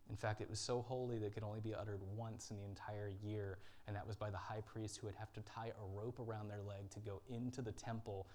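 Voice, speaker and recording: Male pastor, low-ish voice, earnest dramatic sermon delivery with pauses. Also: level tone, darkish tone. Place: church.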